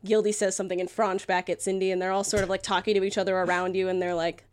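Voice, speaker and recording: A woman's voice: mid-range voice, little pitch movement, fast talker, hardly any pauses. A woman running a tabletop game as game master, narrating in a casual, swearing, giggly way.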